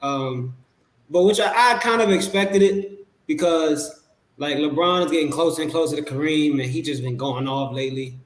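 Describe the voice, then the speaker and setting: A man as a podcast guest, talking basketball in a relaxed, rambling way with many fillers and restarts. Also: on the high side, moderate pace. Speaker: podcast guest, Sixers fan. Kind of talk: casual sports talk. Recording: echoey room.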